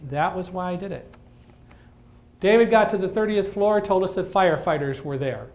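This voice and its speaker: A man giving a talk to an audience, telling a story in a lively way with dry humor and acting out the lines of people in it. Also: high-pitched, normal speed. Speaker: guest speaker.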